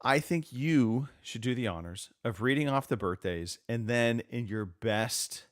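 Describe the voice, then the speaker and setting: A man's voice: mid-range voice, animated, measured pace. A man hosting a casual live podcast, joking around and drifting off on tangents. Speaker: podcast host. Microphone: remote call setup.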